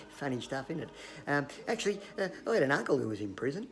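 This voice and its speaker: Australian bloke, gravelly, profane joke-spinner who laughs at himself. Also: male voice, medium pitch, big pitch swings, a little fast, fairly bright tone. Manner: profane, joking, laughs at his own gags; hesitant fillers and restarts. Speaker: comedic vlogger. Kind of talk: rambling yarn-telling to camera.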